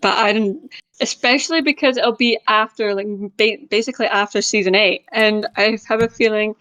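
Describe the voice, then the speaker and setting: A woman's voice: medium pitch, steady tone, moderate pace, a bit bright. A young woman co-hosting a podcast, chatting casually and making fun of herself. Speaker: podcast co-host. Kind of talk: casual chat. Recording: slightly dull sound.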